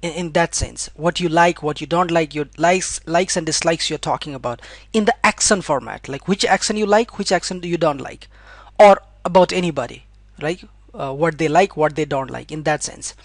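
A man's voice: a little high, normal speed, no room sound. A man teaching a casual online Hindi lesson, chatty and repetitive, with many fillers and example sentences.

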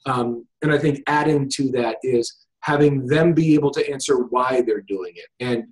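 In a casual interview on a video call, a hypnosis teacher talks at a moderate pace in a medium-pitched voice, with poor audio. He thinks out loud, leaning on fillers and frequent restarts.

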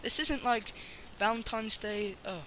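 A young man hosting a casual gameplay video, rambling and excitable, with bursts of shouting at other players. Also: high-pitched, a little slow, a little hiss or hum. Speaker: gaming channel host.

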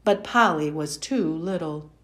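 A woman reading a children's picture book aloud, slow and expressive, with playful sound effects. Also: sits low. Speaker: storyteller. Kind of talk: children's read-aloud narration.

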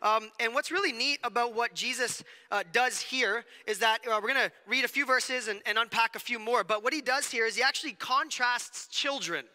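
Bright high-voiced man preaching in a hall. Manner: conversational, animated preaching with quick asides. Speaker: pastor. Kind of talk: sermon. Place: church sanctuary.

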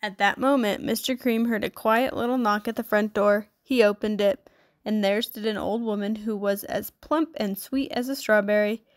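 A woman narrating a children's storybook aloud with expressive, measured delivery. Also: medium pitch. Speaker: storybook reader.

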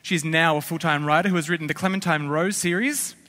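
An enthusiastic man introduces two authors to a young audience with upbeat, announcer-like energy. His voice is fairly high and bright, and it echoes with the long reverb of a large hall. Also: fairly even intonation, quick pace. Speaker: festival session host. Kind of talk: introducing speakers to a school audience.

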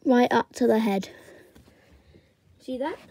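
Young woman, drawing tutor, unhurried and chatty, narrates step by step. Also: a little high, warm tone, husky.

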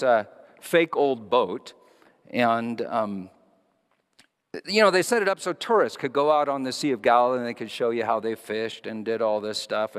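A male pastor preaching a sermon, telling stories and moving between hushed, quiet passages and lively, raised ones. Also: medium pitch, long reverb tail. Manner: storytelling, shifting between hushed and animated.

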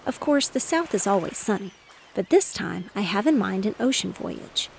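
A woman reading the part of a cheerful, reassuring father in a bedtime storybook, with a slightly gravelly voice. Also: medium pitch, expressive, normal speed, slight background noise. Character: cheerful fatherly man, fish merchant.

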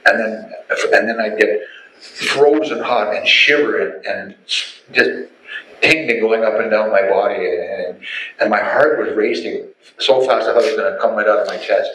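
A middle-aged man tells his personal testimony as an animated storyteller who acts out the voices. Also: fairly low pitch, normal speed, slight background noise. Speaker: testimony speaker. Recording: echoey room, faint ambience.

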